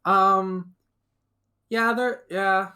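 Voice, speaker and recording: A host voicing a clueless, excitable young male adventurer who rambles in a Scottish accent. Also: medium pitch, extremely slow, pitched above the performer's own voice. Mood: awed. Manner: rambling and wide-eyed.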